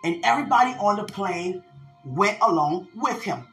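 A woman's voice: mid-range voice, expressive, moderate pace, fairly bright tone, echoey room, faint music behind. A woman preaching a prophetic sermon, calling out to her listeners as she tells of a vision. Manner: fervent preaching, call-outs to listeners.

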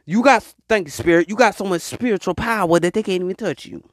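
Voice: medium pitch, fast talker, no room sound. Slangy, preachy spiritual speaker with a dry sound. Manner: animated, slangy, rambling and preachy. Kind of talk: spiritual pep talk. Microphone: voice message recording.

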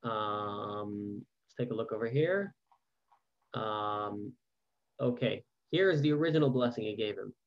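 A man's voice: on the low side, expressive, unhurried, dull audio. A man teaching a Torah class over a video call, reading verses aloud and then asking questions in a casual, conversational way. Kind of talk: online Bible class with casual commentary.

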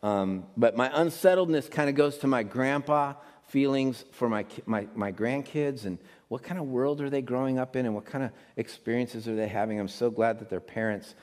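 A man's voice: mid-range voice, moderate pace, hardly any pauses, darkish tone. Male pastor preaching in a reverberant hall. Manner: casual, rambling, many restarts. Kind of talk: sermon. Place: church sanctuary.

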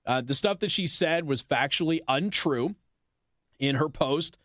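Fired-up radio talk guy, kinda high voice, sarcastic rant, dry studio sound. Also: a little slow, a bit bright, no room sound. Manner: indignant, sarcastic, emphatic. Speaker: radio talk show host. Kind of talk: opinionated talk radio monologue.

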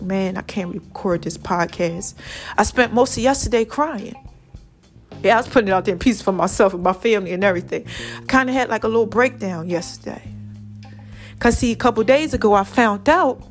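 A woman hosting her own podcast, chatting casually and calling her listeners y'all and baby. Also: fairly high pitch. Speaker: podcast host. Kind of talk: casual solo podcast talk.

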